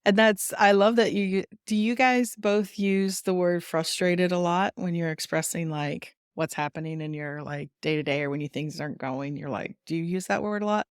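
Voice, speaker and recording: A woman's voice: on the low side, steady tone, moderate pace, hardly any pauses, smooth, dry recording, studio quality. Chatty woman explaining on a podcast. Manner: friendly, chatty, laughs often, acts out quotes. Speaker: human design guide, guest.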